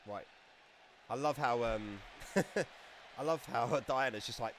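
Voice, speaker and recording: A man giving casual, excitable live-stream commentary on a wrestling game, chatting and laughing as he goes. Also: medium pitch, takes it slowly, slight background noise.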